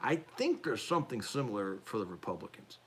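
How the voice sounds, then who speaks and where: A man's voice: lowish voice, huge pitch swings, fairly quick, a little hiss or hum. A man hosts a loose, unscripted political chat on a live stream. He rambles, restarts his sentences and pokes fun at himself. His voice rises and falls a lot as he talks. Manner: rambling, self-deprecating, frequent restarts and fillers. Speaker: podcast host.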